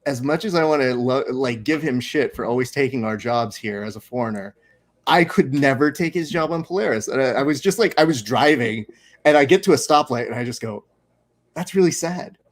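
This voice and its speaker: Two friends chat over a live watch-along, and this man is the host. His voice sits at a middle pitch, and he talks in a loose, joking way, often laughing and ribbing his guest. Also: lively intonation, fairly quick. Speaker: show host.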